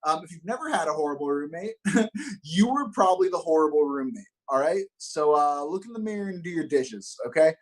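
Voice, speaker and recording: A young man from Los Angeles doing a stand-up comedy set, upbeat and self-mocking, with deadpan punchlines. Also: fairly high pitch, fairly quick, low-quality recording. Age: young adult.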